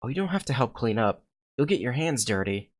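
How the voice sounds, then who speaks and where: A man's voice: mid-range voice, sing-song, fairly quick. Man reading as a polite teenage schoolboy. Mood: calm. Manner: plain read-aloud delivery. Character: calm polite teenage boy student.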